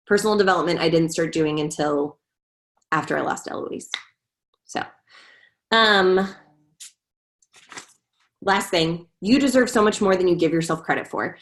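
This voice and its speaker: A woman's voice: on the low side, measured pace, long pauses. A woman giving a heartfelt testimonial on a video call. She sounds earnest, rambles a bit and leans on the filler "like". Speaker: guest sharing her story.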